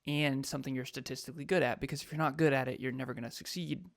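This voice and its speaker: A man in casual podcast chat, speaking with a gravelly, fry-tinged voice at a middling pitch. He talks with animated emphasis and laughs often. The sound is dry and close, with no room around it. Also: rapid-fire, no echo. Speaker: podcast co-host and coach.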